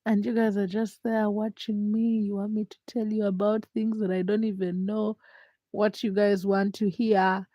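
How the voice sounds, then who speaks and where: Young woman livestream host, hoarse and congested, chatty and teasing, begging viewers to comment; dry close sound. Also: level tone, moderate pace, dark tone, no room sound, highs cut off. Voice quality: deep, froggy voice. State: hoarse, stuffed nose from a chest infection. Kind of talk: late-night casual livestream chat. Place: her home at night.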